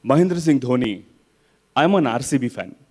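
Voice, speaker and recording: A man's voice: mid-range voice, animated, normal speed, a little mellow. A young man from South India doing stand-up at an awards event, Indian English with a Kannada accent, switching languages and acting out characters. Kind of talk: stand-up comedy.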